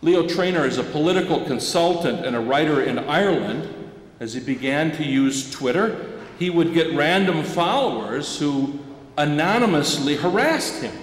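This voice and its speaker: Pastor telling a story in an echoing church. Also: male voice, on the high side. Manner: animated storyteller, inviting the congregation to join in. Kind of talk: sermon with storytelling. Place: church sanctuary. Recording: echoey church sanctuary.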